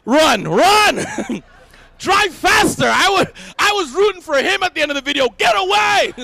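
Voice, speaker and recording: A young Canadian comedian works a live crowd from the stage, his voice pitched unusually high with a gravelly rasp. He talks in bright, swooping bursts, laughs at his own jokes and shouts the punchlines. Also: very animated, normal speed. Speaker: stand-up comedian. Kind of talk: stand-up comedy set. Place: event stage before a live audience.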